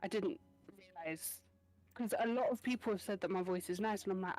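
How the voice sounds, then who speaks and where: A British woman chatting as a guest, talkative and exasperated, with quick asides. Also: mid-range voice, darkish tone. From Britain. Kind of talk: casual chat.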